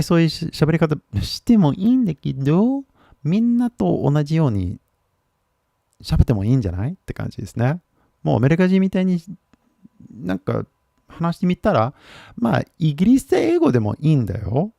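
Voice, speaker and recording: A man's voice: medium pitch, gravelly, warm tone, dry recording, studio quality. A man, teaching English in a casual live stream. He chats loosely, laughs often and switches languages mid-sentence.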